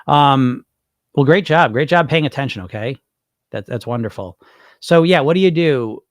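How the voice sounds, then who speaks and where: A man's voice: medium pitch, animated, normal speed, no room sound, studio quality. A man hosting a weight loss podcast, answering viewer questions in loose, rambling chat with casual swearing. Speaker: weight loss hypnosis coach, podcast host.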